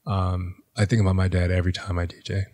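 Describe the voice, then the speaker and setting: A man from the United States speaking as a podcast guest in a conversational interview, reflective and halting, with frequent fillers and restarts. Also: sits low, flat delivery, darkish tone, dry recording.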